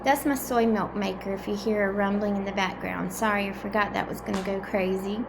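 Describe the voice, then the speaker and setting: A woman's voice: mid-range voice, steady tone, creaky, noisy background. A woman teaching a phonemic awareness drill at home, stretching out each word and asking children to blend or split syllables. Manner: slow, drawn-out word prompts. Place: home kitchen.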